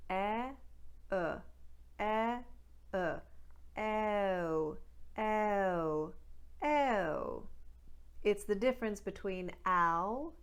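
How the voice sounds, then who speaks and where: Woman, accent coach, unhurried instructional delivery, carefully modeled vowels, mid-pitched voice. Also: fairly bright tone. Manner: demonstrates sounds slowly and deliberately.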